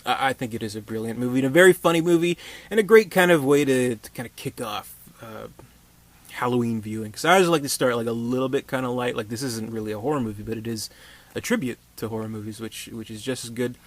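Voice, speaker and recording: A man's voice: medium pitch, fast talker. A man giving a casual movie review, rambling with many fillers and restarts.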